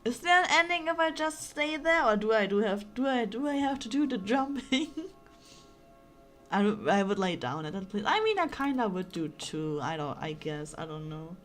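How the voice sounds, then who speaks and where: A woman's voice: on the high side, big pitch swings, moderate pace, fairly bright tone, faint music behind. A woman streaming a video game, chatting casually with a giggly, dramatic and apologetic manner. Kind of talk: casual live-stream gaming commentary.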